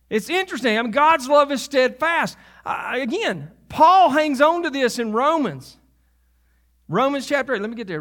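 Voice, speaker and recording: A man's voice: very high voice, sing-song, a little slow, a bit bright. A man preaching a sermon as pastor, conversational, with asides and laughs at himself.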